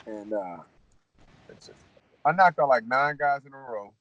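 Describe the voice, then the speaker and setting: A man, a former fighter, telling his career stories in a blunt, animated, profane way. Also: medium pitch, measured pace, no echo, dull audio. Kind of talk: casual storytelling Q&A.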